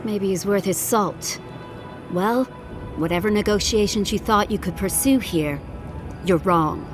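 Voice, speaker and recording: A woman's voice: medium pitch, measured pace, natural voice. An actress playing a fierce, hostile woman trapper in a game, curt and threatening. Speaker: game character. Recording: game audio over music.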